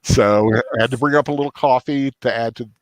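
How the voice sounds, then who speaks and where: A man hosting a casual post-movie chat, rambling and halting with lots of restarts and fillers. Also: medium pitch, dry recording. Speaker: host.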